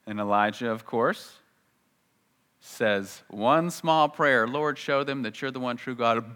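A man preaching a sermon, telling a story with energy and acting out the lines he quotes, with rises and drops in pitch and loudness. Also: slow pace, clear, resonant tone, in a large hall. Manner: animated storytelling, acts out quotes with big jumps in pitch and volume. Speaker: pastor.

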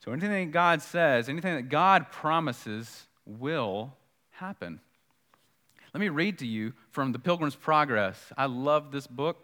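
Man, pastor, bright forceful voice, conversational sermon, long hall reverb. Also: fairly high pitch, animated, unhurried. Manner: conversational preaching, emphatic repetition, acts out dialogue.

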